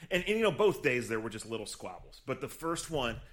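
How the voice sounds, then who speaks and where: Man telling lively podcast stories. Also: medium pitch, brisk. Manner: animated storyteller who acts out quotes. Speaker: podcast co-host, team reporter. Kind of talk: casual podcast chat, storytelling.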